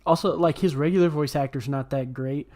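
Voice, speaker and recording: A man's voice: a little high, brisk, a little mellow. A man in offhand, chatty casual talk as a podcast co-host, swearing now and then. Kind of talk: casual chat.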